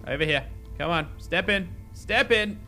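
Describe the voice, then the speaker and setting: A man giving casual let's-play commentary as a gaming host, excitable and talking to the characters on screen. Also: high-pitched, measured pace, faint music behind. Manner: excitable, talks to game characters. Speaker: gaming YouTuber.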